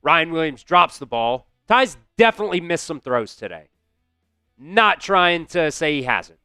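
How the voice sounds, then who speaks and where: A man's voice: fairly high pitch, big pitch swings, measured pace, bright, forceful tone, clear, resonant tone, no echo, studio quality, soft background music. Frustrated man calling a football stream. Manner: frustrated, talks back to chat, swears. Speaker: host doing live play-by-play. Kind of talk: casual live-stream commentary.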